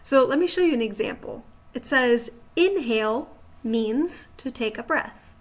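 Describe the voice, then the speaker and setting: Higher-pitched woman teaching a grammar lesson. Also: lively intonation, measured pace. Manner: patient, explanatory, asks rhetorical check-in questions. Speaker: writing teacher. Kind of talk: slide-based grammar lesson.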